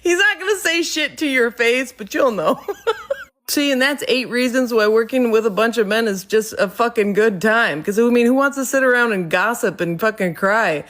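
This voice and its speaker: A woman's voice: on the high side, moderate pace. Laughing, profane woman telling work stories. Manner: laughs often mid-sentence, profane; animated. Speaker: workplace manager. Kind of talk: comedic storytelling monologue.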